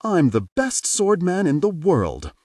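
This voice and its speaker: Man doing a rowdy little boy, boastful, high and loud, very lively pitch, dry. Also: a little slow, no echo, far from the mic, full character voice. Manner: shouting, boastful. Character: four-year-old boy, boastful and rowdy.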